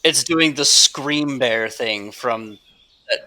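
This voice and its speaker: A man's voice: medium pitch, slow, bright, forceful tone. A man playing in a tabletop game, joking and reacting playfully. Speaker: player.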